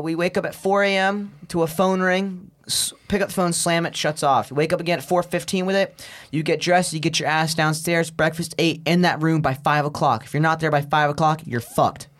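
A young adult man telling a story as a podcast guest, profane and slangy, laughing at his own tale and saying "bro" a lot. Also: fairly high pitch. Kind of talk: casual storytelling.

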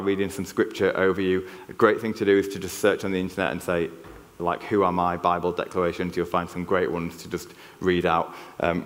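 A man preaching a sermon in church, earnest in tone and using frequent fillers. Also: deep voice. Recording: long church reverb.

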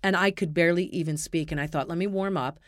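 A man's voice: fairly even intonation, fast, dry recording, clean studio sound. A man co-hosting a podcast, chatting casually and telling stories with big dramatic quoted outbursts, still with a slight cough. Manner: dramatic storytelling, breaks into high exclaimed quotes. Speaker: podcast co-host, drag performer. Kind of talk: casual chat.

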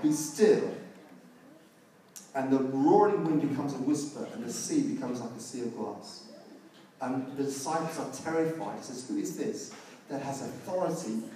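A man's voice: medium pitch, a little hiss or hum. Man preaching in an echoey hall. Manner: storytelling, rising to loud emphatic peaks. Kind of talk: sermon. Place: large church hall. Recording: echoey church hall, mic at a distance.

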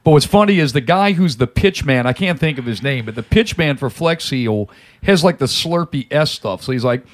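A man's voice: medium pitch, lively intonation, normal speed. A man chatting casually on a podcast, enthusiastic and swearing a lot. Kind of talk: casual chat.

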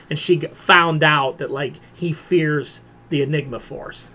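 A man's voice: fairly high pitch, fairly even intonation, moderate pace, hardly any pauses, pushed and bright. A man on a casual podcast who retells a comic-book plot with lots of "like" and brief quoted voices. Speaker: podcast co-host. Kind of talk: casual chat.

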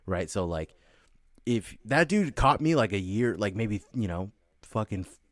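A man's voice: on the low side, expressive, unhurried, a bit bright, no room sound. A young man telling a rambling, profane story in casual chat, full of "like" and swearing. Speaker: podcast co-host telling a story.

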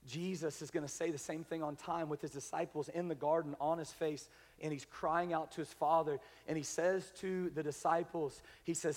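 A man preaching a sermon as pastor, building up to loud, emphatic calls and then dropping to quiet, intimate passages. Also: a little high, steady tone, normal speed, in a large hall. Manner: preaching with rising, shouted emphasis. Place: large church sanctuary.

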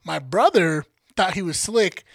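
On a podcast he co-hosts, a man casually tells a childhood story, swearing a lot and acting out the people in it as an animated storyteller. His voice sits high with some vocal fry, his pace is measured, and the recording is dry.

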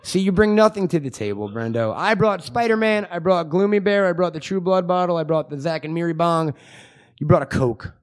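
A man's voice: high-pitched, a little fast. Crude joking man hosting live. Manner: crude, joking, rambling with frequent swearing. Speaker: comedy podcast host. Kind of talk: live comedic chat. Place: small theater with a live audience.

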